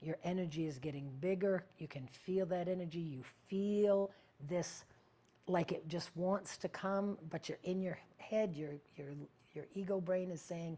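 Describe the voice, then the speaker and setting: Low-voiced woman teaching spiritual practice. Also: unhurried. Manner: meandering, searching for words, sometimes dropping to a hush.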